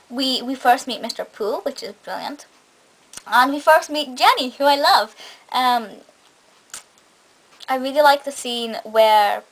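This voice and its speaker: A woman's voice: on the high side, low-quality recording. A young woman giving an enthusiastic, chatty spoken review of a TV episode, often restarting her sentences. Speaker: film and TV reviewer.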